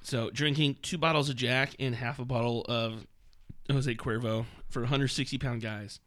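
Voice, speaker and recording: A man's voice: mid-range voice, fairly even intonation, normal speed, fairly bright tone. A man in casual podcast chat, reading passages from a book aloud with mocking asides and laughter. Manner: mocking, laughing while reading, many fillers.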